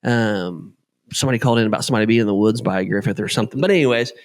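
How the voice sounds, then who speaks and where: Rapid-fire and pitched on the low side, this man tells stories during laid-back podcast chat. He plays out the characters himself, swearing freely and keeping things lively.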